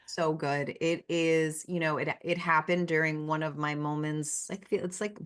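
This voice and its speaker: Woman, interview guest, very low pitch, earnest, heartfelt, casual chat. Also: fairly even intonation, moderate pace.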